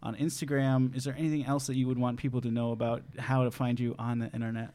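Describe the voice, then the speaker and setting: A man hosting a comedy podcast, soft-spoken and laughing in the chat, upbeat when he signs off. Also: medium pitch, little pitch movement, fast talker. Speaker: podcast host. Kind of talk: casual podcast chat and outro.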